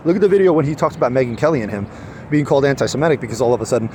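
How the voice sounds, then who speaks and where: A man's voice: mid-range voice, expressive, very fast, a little mellow, a little hiss or hum. A man venting in a casual vlog outdoors, heated and rambling, full of restarts and rhetorical questions. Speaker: vlogger.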